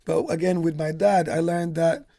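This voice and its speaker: A man's voice: fairly high pitch, level tone, moderate pace, vocal fry, dark tone. A man as guest in a casual book discussion, explaining ideas in long, hesitant sentences.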